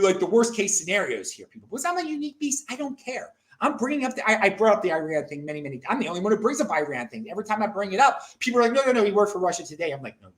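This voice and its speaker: An American man hosting a casual talk show, rambling excitably with frequent restarts and stammers. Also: sits high. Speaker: show host.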